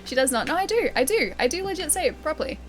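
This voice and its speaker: This woman livestreamer has a high, very animated voice and talks fast. Speaking with an Australian accent, she plays a game live, chats and giggles with viewers, and reads their messages aloud before answering.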